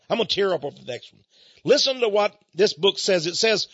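Animated high-pitched male radio host. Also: fairly quick, breathy edge, dry recording, highs cut off. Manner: dramatic, reads passages aloud then comments with mock alarm. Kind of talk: talk radio monologue. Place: studio office.

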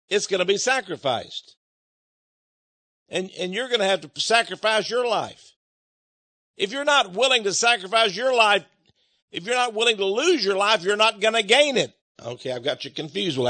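A man's voice: high voice, bright, forceful tone, no room sound. A male preacher giving a sermon, emphatic, with rhetorical questions and acted-out quotes.

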